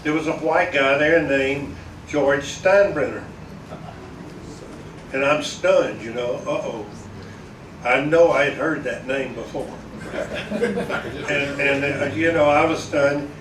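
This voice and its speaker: A man's voice: fairly high pitch, takes it slowly, pauses often, far from the mic, background noise. Folksy older man in an echoey hall. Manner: chuckling, folksy, meandering with restarts. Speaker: veteran broadcaster giving a speech. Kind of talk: rambling storytelling to an audience. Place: large echoey event hall.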